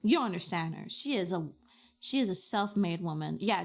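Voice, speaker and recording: A woman streamer chatting casually with her chat while drawing, with dramatic, expressive reactions. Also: mid-range voice, a little fast.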